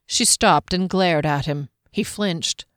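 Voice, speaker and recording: Audiobook narrator, fantasy story, measured reading, smooth voice, dry close mic. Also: mid-range voice, fairly bright tone, dry recording.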